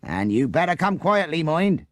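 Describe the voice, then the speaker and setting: A man's voice: fairly high pitch, very animated, moderate pace, no echo, studio quality, pitched above the performer's own voice. A man doing a sneering suspicious policeman. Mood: jeering. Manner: jeering, keeps tacking on "eh?". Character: suspicious sarcastic village policeman, male, middle-aged.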